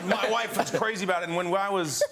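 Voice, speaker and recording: A man's voice: sits high, fast, crowd noise. A man from the United States, an actor guest telling a rambling, self-deprecating story in casual chat, with a studio audience laughing behind. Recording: loud studio audience and noise.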